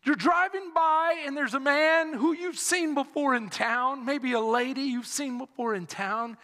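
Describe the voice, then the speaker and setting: A male pastor preaching an impassioned sermon, telling stories dramatically and shouting at the high points. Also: a little slow, big-room sound.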